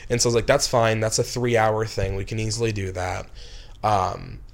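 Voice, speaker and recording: A man's voice: on the low side, steady tone, moderate pace, gravelly. A young man who directs films, telling a long story in casual chat, rambling with lots of "like" and restarts and flaring into angry bursts. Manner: rambling, heavy with "like" and restarts, flares into angry outbursts. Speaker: film director.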